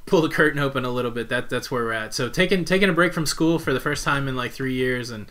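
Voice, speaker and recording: A man's voice: medium pitch, quick pace, fairly bright tone. A young man co-hosting a casual live stream, chatty with lots of filler words, greeting viewers and reading their comments.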